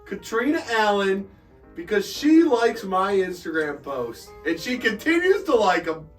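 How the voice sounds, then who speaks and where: A young man co-hosting a casual sports chat, teasing with dry deadpan quips. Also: sits high, a little slow. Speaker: podcast co-host. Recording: distant mic with faint music.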